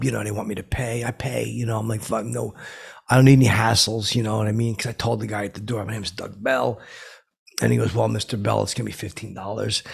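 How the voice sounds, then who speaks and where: A man playing a self-important, washed-up comedian who hosts his own podcast from home, rambling in halting bursts full of fillers and restarts. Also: on the low side, full character voice. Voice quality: gravelly and raspy. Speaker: podcast host. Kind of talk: improvised comic character monologue.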